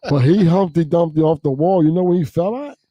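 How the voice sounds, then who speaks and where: A man telling a profane, animated story as a guest in casual chat, acting out quotes, on a close mic. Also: fairly high pitch, brisk, dull audio.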